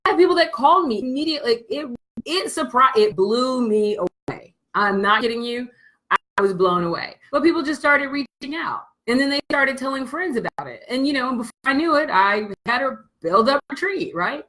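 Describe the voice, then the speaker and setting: Blunt, animated woman business coach. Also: high voice, a little fast, low-quality recording. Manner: blunt and animated, swears freely. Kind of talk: candid motivational storytelling to camera.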